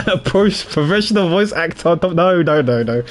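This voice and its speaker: A man's voice: on the high side, lively intonation, normal speed, soft background music. A man streaming a video game, chatting casually and poking fun at himself. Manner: chatty, self-mocking, rambling. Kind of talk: casual livestream commentary.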